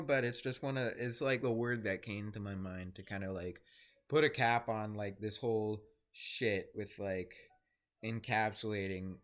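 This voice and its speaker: A young man talking to camera in a rambling, easily distracted solo vlog, casually swearing and interrupting himself. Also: lowish voice. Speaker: vlogger.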